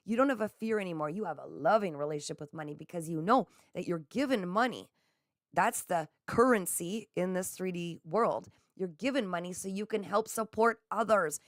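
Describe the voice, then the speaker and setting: A woman's voice: medium pitch, dry recording, clean studio sound. A woman giving a live tarot reading, effusive and encouraging, speaking straight to her viewers. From Canada. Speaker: psychic reader.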